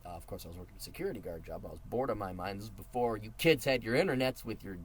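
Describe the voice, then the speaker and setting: A man's voice: fairly low pitch, expressive, racing, slight background noise. A middle-aged man giving advice in a casual monologue, blunt and profane with a mocking edge.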